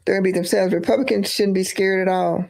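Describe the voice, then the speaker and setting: A woman's voice: medium pitch, fairly even intonation, fast talker, gravelly, a little mellow. A woman giving emphatic live-stream political commentary, repeating phrases for emphasis.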